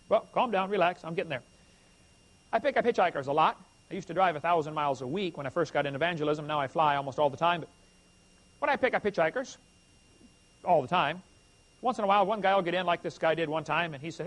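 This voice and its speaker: High-voiced folksy preacher man. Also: quick pace, pauses often. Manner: animated, humorous, addresses the crowd directly. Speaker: evangelist preacher. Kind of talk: folksy storytelling sermon.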